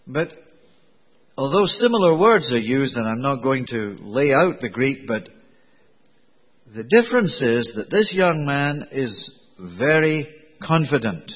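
A man preaching a sermon in a conversational, digressive way, with a slightly husky voice. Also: medium pitch, big pitch swings, unhurried. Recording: dull lo-fi recording in a reverberant hall.

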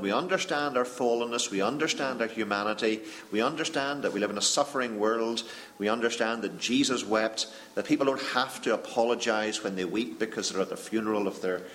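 A man moderating a panel discussion, reflective and earnest, often pausing and restarting. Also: medium pitch, fairly bright tone.

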